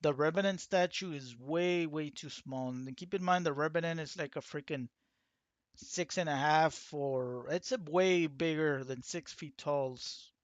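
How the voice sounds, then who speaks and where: A man with a voice on the high side hosts his own channel, talking casually to the camera. He rambles, using lots of fillers and restarts. The recording is dry and the audio dull.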